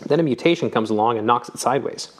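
A man's voice: mid-range voice, fast talker, slightly rough, lightly acted. A man reading the part of an eager young scientist who speaks emphatically.

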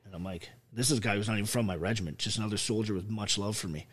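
A man's voice: fairly low pitch, very fast, slightly rough. An army veteran telling his story as an interview guest, blunt and full of swearing. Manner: blunt, heavily profane, emphatic.

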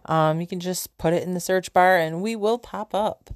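Chatty self-mocking woman, low voice. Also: moderate pace. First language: German. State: sore mouth, slightly slurred. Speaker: podcast host. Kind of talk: casual solo podcast storytelling. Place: home room with kids nearby.

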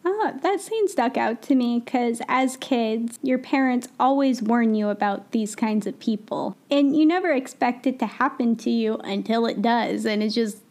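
A woman's voice: a little high, moderate pace, few pauses, darkish tone. A woman co-hosting a casual podcast, talking about a film in an enthusiastic, chatty way. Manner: enthusiastic, chatty, laughs often. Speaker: podcast co-host.

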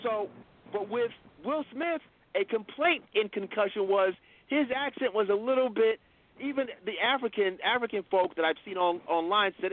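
A man's voice: high-pitched, normal speed. A man hosting a call-in radio talk show, insistent and holding the floor through interruptions. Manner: insistent, talks over interruptions. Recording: phone-like lo-fi line.

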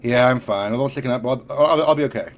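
A man's voice: mid-range voice, rapid-fire, natural voice. A man voicing a shaken male street crook in an audiobook reading, who talks nervously and stammers.

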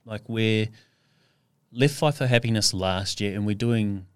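A man's voice: fairly low pitch, measured pace, clean tone, dry recording, studio quality. A young adult man as a podcast guest, rambling as he thinks aloud. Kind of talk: casual interview chat.

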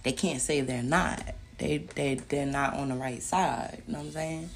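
A woman hosting a podcast, talking in a casual, profane monologue that swings between loud emphatic outbursts and muttered asides. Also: very deep voice, fairly even intonation, normal speed. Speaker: podcast host.

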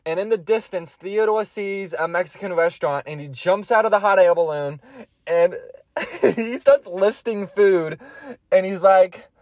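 A young man talks through his solo podcast in a loose, rambling, profane way and keeps cracking himself up. His voice sits high for a man. The recording is close and dry. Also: a little slow, darkish tone, no echo. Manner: rambling, profane, laughs often. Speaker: podcast host.

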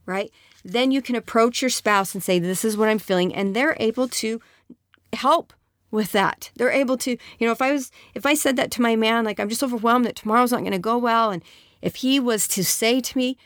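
A woman's voice: fairly high pitch, brisk, a bit bright, dry recording, studio quality. A woman giving relationship advice in a conversational talk, often asking her audience right or okay and acting out what spouses say. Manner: conversational, acts out spouse dialogue in quoted voices; frequent checking questions like right and okay. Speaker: marriage and relationship speaker.

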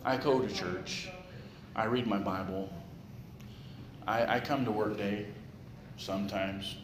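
A man's voice: lowish voice, takes it slowly. A male pastor giving a conversational sermon, tossing in jokes and rhetorical questions. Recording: echoey room with clear background noise.

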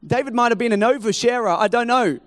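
Animated high-voiced male preacher. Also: fast. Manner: animated, humorous, conversational. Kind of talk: sermon with storytelling.

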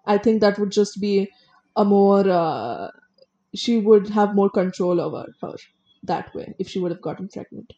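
A woman's voice: mid-range voice, normal speed, warm tone, muffled recording. Woman recounting a case casually. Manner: reads case details then adds blunt opinions, some stumbles. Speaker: co-host. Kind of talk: casual true-crime podcast chat.

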